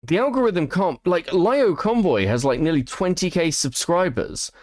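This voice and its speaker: A man's voice: sits high, expressive, moderate pace, a little mellow, no echo, clean studio sound. A man streaming casual reaction commentary, chatty and profane, laughing between remarks.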